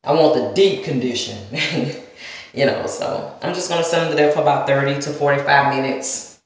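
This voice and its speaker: A woman's voice: extremely low pitch, moderate pace. A woman from the Southern US with a Southern accent, rambling casually through a hair-care vlog and talking straight to her viewers. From Southern United States. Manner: chatty, talks straight to viewers with y'all and girl. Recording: very echoey room.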